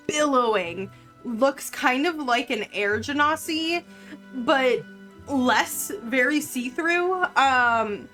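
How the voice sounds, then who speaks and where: A woman narrating as game master of a tabletop game, unhurried and full of ums and likes. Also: a little high, pushed and bright.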